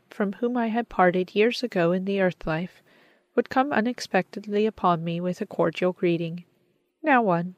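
Woman narrator, lowish voice, measured and earnest, dry close recording. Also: no room sound. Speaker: audiobook narrator. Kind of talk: scripted narration.

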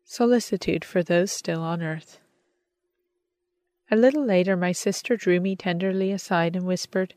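A woman reads an audiobook in a measured, gentle way. Her voice sits on the low side for a woman. The recording is close and very dry, with no room sound. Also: fairly even intonation, no echo. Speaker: audiobook narrator. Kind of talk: audiobook reading.

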